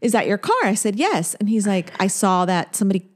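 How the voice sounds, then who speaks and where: A woman's voice: medium pitch, lively intonation, brisk. A woman co-hosting a podcast, telling a story in casual chat, acting out quotes and laughing often. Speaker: podcast co-host.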